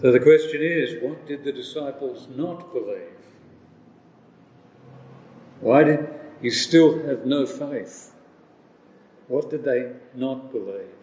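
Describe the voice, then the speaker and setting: A man preaching a sermon slowly and deliberately, asking rhetorical questions. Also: mid-range voice, a little mellow. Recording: roomy with long reverb.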